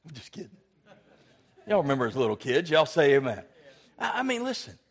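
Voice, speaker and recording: A male pastor preaching a sermon, swinging from loud exhortation to quiet asides and calling for amens from the congregation. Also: a little high, very animated, brisk.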